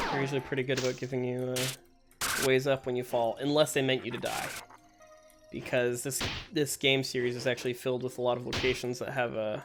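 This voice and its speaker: Over game music and gunfire, a man talks into a desk mic during a casual let's play, chatty and full of jokes. This streamer has a middling pitch and often laughs at himself when he slips up.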